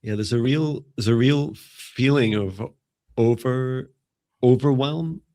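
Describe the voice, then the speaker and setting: A man leading a live spiritual energy healing, speaking in a soft, slow, meditative way with pauses. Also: mid-range voice, no echo. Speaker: psychic healer.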